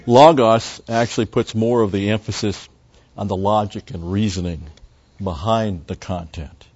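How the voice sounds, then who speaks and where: Low-voiced older man teaching the Bible. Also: normal speed, darkish tone, slightly rough, lo-fi sound. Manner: rambling, conversational asides. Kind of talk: Bible study lecture.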